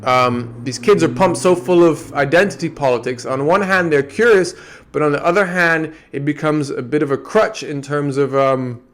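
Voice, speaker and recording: A man's voice: fairly high pitch, moderate pace. A man from Antigua with an American-tinged accent, talking through his ideas in a meandering, reflective podcast monologue. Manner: meandering, restarts often. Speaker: podcast host.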